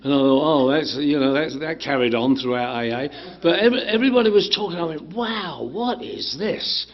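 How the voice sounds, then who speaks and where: A man telling his recovery story to a meeting in an animated way, acting out the dialogue, swearing and laughing. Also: on the high side, normal speed. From England. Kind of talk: personal recovery story told to a group. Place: community meeting room. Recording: dull lo-fi room recording.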